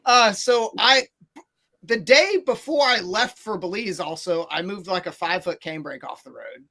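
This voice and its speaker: Rambling, animated podcast storyteller, a man. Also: high voice, moderate pace. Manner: animated, rambling, lots of fillers and restarts. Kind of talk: casual podcast chat, storytelling.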